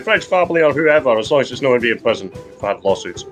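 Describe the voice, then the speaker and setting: A man with a Geordie accent hosting a comic podcast, joking around with lively, excitable banter. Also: mid-range voice, fast talker, soft background music. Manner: lively, jokey, swings into big excited exclamations. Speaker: podcast host.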